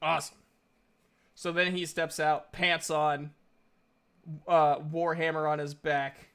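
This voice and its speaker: A woman's voice: low voice, little pitch movement, a bit bright, clear, resonant tone. A woman narrating a tabletop game as game master, joking with her players and laughing often. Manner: unhurried, laughs often and playful. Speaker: dungeon master.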